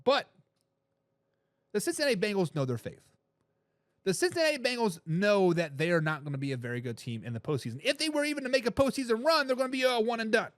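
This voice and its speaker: A man hosting a live sports talk show, giving loud opinions on football and reading out viewer comments. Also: high voice, no room sound, studio quality. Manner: animated, opinionated, reads chat comments aloud.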